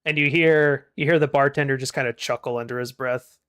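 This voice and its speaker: A man's voice: mid-range voice, fairly even intonation, fairly quick, a bit bright, clean tone. A man narrating as game master of a tabletop game, describing scenes with occasional fillers.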